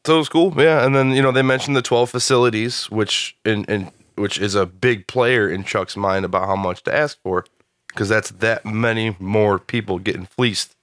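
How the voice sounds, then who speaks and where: A man co-hosting a podcast, relaxed and casual, laying out his own theories about a TV show. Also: lowish voice, moderate pace, dry recording, clean studio sound. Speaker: podcast co-host. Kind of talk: casual chat discussing a TV show.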